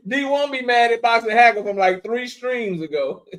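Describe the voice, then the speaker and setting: High-voiced joking livestream host man. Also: normal speed. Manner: loud, joking shout-outs to chat, profane. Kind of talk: casual livestream chat.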